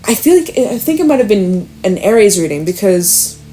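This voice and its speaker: A woman's voice: medium pitch, big pitch swings, moderate pace, dark tone, faint music behind. Chatty, emphatic young woman tarot reader. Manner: chatty and emphatic, often swears, many fillers. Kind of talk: casual spoken tarot reading.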